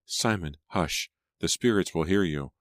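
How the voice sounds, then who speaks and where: Man doing a woman mystic, dreamy and insistent, raised pitch, dry close recording, audiobook reading. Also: unhurried, dry recording. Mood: otherworldly. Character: woman mystic, entranced, proud spirit-follower.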